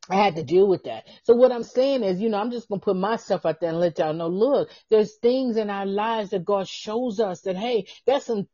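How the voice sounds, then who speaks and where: A woman's voice: medium pitch, warm tone, husky, dry recording, muffled recording. A woman pastor preaching a fervent podcast sermon, with repeated exclamations and bursts of speaking in tongues, who laughs at herself and talks straight to the listeners.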